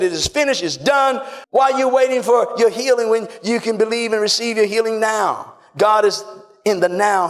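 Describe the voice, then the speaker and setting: A man preaching a sermon, emphatic and repetitive, often shouting and calling on the congregation to respond. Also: high-pitched.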